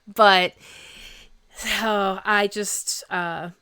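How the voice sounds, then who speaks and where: A woman's voice: medium pitch, fairly even intonation, extremely slow, bright, forceful tone, clear, resonant tone, no room sound, clean studio sound. Rambling, self-mocking woman in her forties. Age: 40s. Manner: rambling, self-deprecating, laughs often. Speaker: podcast host. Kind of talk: casual chat.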